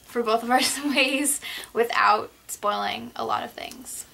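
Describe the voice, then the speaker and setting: A young woman chatting casually about a film she just saw, giggly and quick to restart her sentences. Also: on the high side, vocal fry, bright, forceful tone. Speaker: book vlogger. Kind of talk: casual chat.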